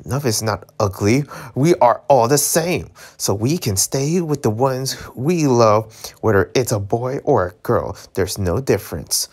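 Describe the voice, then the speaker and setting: A man's voice: medium pitch, lively intonation, measured pace, darkish tone, husky. A man voicing an affectionate, intense nineteen-year-old boy in a webtoon reading. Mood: earnest.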